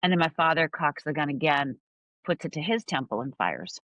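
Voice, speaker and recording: Bright-voiced woman telling her story. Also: sits low, big pitch swings, fairly quick, no echo, low-quality recording. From Upper Michigan. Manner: vivid storyteller, acting out voices and moments. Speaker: guest.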